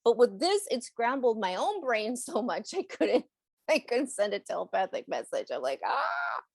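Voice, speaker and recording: A woman's voice: a little high, big pitch swings, moderate pace, vocal fry, darkish tone, breathy edge, no room sound. Chatty rambling woman, dry close sound. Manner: chatty, rambling, laughs often. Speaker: animal communicator. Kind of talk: casual chat on a podcast.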